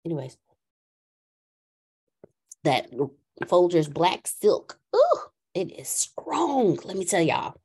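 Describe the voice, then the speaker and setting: Southern woman co-host, chatty and warm-hearted, very animated in her pitch, casual talk. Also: husky. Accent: Southern American. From Galveston, Texas. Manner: bubbly, chatty, laughs often, drawn-out greetings. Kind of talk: casual livestream chat.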